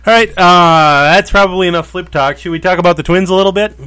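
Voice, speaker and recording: A man's voice: sits high, fast talker, pushed and bright, clean tone, no echo. A man co-hosting a casual sports podcast, steering the talk with wry remarks. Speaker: podcast co-host.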